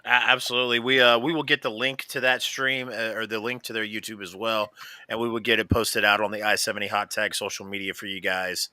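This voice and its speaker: Guy cohosting a wrestling stream, super bright sharp voice, dry close sound, lots of ums and restarts. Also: fairly low pitch, flat delivery, fairly quick, no room sound. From American Midwest. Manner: rambling, many fillers and restarts. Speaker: podcast co-host. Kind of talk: casual live-stream chat.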